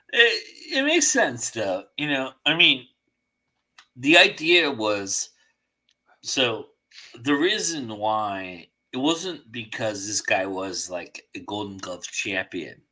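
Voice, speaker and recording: Slow, bright-voiced male host. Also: fairly low pitch, expressive, low-quality recording. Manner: reflective, works through his point aloud. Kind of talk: casual chat on a live stream.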